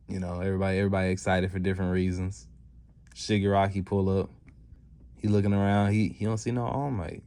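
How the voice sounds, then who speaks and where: Low-voiced dude recapping a story, super casual and slangy, lots of "you know". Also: male voice, flat delivery, fast talker, mellow. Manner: rambling, loose slangy delivery with many fillers. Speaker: channel host recapping a fan story.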